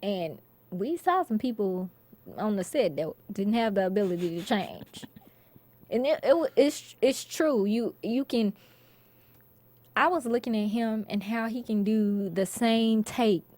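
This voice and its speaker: A woman, an actress, being interviewed and telling lively stories about her work, laughing often and acting out quotes. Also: medium pitch, unhurried, dry recording. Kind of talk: casual interview storytelling.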